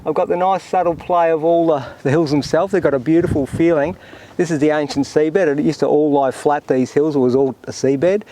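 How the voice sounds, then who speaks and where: The audio is poor, but you can hear a medium-pitched Australian man demonstrating a painting outdoors in windy, open terrain. He keeps up an easy, reflective commentary, talking to himself as he works.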